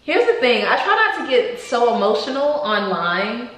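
Unboxing gifts on camera, a young female vlogger talks in a sing-song, fairly bright voice pitched on the high side, at a moderate pace. Her tone is casual and gushing, peppered with lots of "like" and "y'all." There's an echo in the room and a faint noise underneath.

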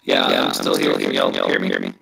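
Gravelly man on a glitchy robotic call. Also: rumbling low, completely flat delivery, a little fast, fairly bright tone. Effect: glitchy robotic call audio. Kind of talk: casual interview chat. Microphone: video call.

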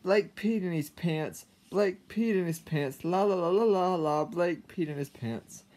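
A man's voice: high-pitched, measured pace, a little mellow, voice pushed up. Guy putting on his granny's voice, older lady, mocking singsong chant. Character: teasing grandmother, older woman, singsong mockery.

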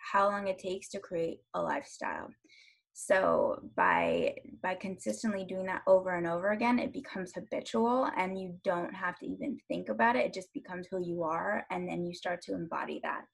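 Low, gravelly, husky-voiced woman host. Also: animated, normal speed. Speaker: podcast co-host, fitness coach. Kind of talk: casual conversational comment.

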